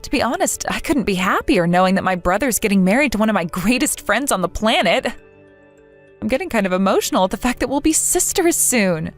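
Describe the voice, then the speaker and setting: A woman's voice: medium pitch, lively intonation, fairly quick, faint music behind, lightly acted. A synthetic woman's voice speaking as a hurt young woman in a text-message story, asking earnest, pleading questions. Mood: shocked.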